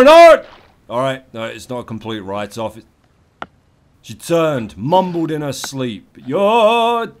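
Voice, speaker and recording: A man doing comedic let's play commentary, profane and theatrical, yelling at the game and its maker. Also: mid-range voice, gravelly.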